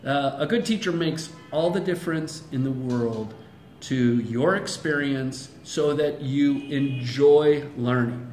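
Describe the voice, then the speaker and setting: An English teacher with a General American accent chats casually and playfully in an interview at a language school in Bangladesh. He's lively and imitates other accents, speaking slowly in a medium-pitched voice, with an echoey room and soft background music.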